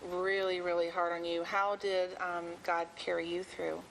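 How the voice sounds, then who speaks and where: A woman's voice: lowish voice, level tone, normal speed, gravelly, slight background noise, low-quality recording. A woman hosting a talk show interview, affirming her guest often.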